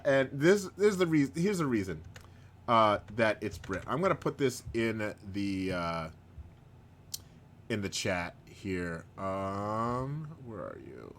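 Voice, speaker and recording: A man hosting a live stream in casual chat, rambling, chuckling often and bursting into excited outbursts. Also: medium pitch, a little slow. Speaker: host of a live-streamed show.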